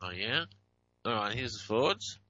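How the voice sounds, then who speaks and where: A man's voice: on the low side, expressive, normal speed, bright, forceful tone, highs cut off. Chatty male radio host with hiccups. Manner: chatty and wry, reads out phone numbers, apologizes to listeners. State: has the hiccups. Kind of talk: talk radio commentary on played audio clips.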